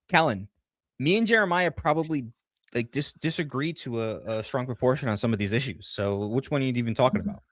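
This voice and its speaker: A man's voice: mid-range voice, expressive, a little fast, fairly bright tone, no room sound, studio quality. A man chatting casually on a livestream, rambling through a story and reading viewer comments aloud. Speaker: livestream co-host.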